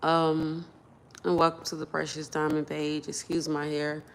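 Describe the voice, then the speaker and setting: Slow, low-pitched woman telling her story. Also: monotone, a little hiss or hum. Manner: rambling, repeats herself, builds up agitated; casual, loose grammar. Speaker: vlogger. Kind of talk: personal storytelling vlog.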